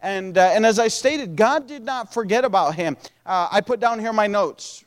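High-voiced pastor preaching in a hall. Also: male voice, moderate pace. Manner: conversational preaching with frequent restarts. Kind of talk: sermon.

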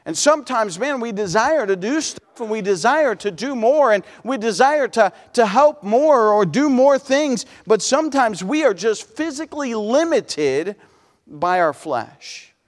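A man's voice: very high voice, expressive, measured pace. A middle-aged man preaching a sermon in a folksy way, often saying "man" and restarting his words. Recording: long hall reverb.

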